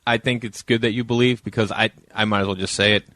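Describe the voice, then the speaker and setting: A man co-hosting a podcast with quick, jokey banter. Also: fairly low pitch, fairly even intonation, pushed and bright, dry recording. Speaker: podcast co-host. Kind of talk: casual chat.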